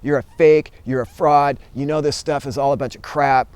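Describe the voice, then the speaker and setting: A man's voice: mid-range voice, steady tone, moderate pace, a little mellow, clear, resonant tone, close to an everyday voice. A man voicing a bitter, angry heckler. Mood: hostile. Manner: insulting, sneering.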